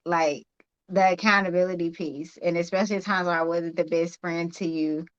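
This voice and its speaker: A woman's voice: lowish voice, steady tone, normal speed, clear, resonant tone, no room sound, highs cut off. A woman podcast host in a casual faith conversation, holding back tears and speaking with heartfelt emotion.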